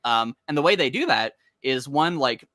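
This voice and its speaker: A man co-hosting a casual comic discussion, rambling excitedly with lots of "like". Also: mid-range voice, normal speed, no room sound, clean studio sound. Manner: rambling, heavy use of "like", excited. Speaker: podcast co-host.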